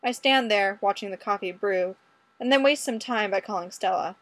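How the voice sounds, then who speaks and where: An audiobook reader narrates a first-person story in a wry, conversational way. Her voice sits at medium pitch with a moderate pace, captured with a dry, close sound and no room tone.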